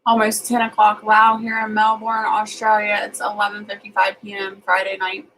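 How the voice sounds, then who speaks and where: A woman's voice: mid-range voice, completely flat delivery, moderate pace, a bit bright, rough recording. A woman with a Southern US accent, casually chatting on a livestream and reading out viewer comments as she rambles along.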